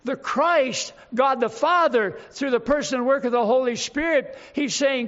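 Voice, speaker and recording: A man's voice: very high voice, a bit bright. An older man preaching a sermon, fervent and stretching key words for emphasis, on a dull lo-fi recording. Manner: fervent, drawn-out emphatic phrases.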